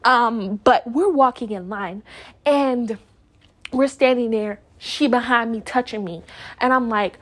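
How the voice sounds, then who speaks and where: A young woman vlogger telling a story casually, animated, acting out quoted lines and laughing often. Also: fairly high pitch, measured pace.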